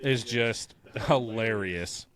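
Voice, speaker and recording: A man in his thirties co-hosting a casual podcast, animated and chatty. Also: fairly low pitch, slow. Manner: animated, quotes movie lines in silly voices. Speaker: podcast co-host.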